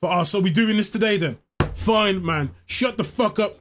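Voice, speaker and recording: A man's voice: sits high, moderate pace, over music. A man streaming live, chatting casually in a rambling, joking way, swearing freely. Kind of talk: casual chat.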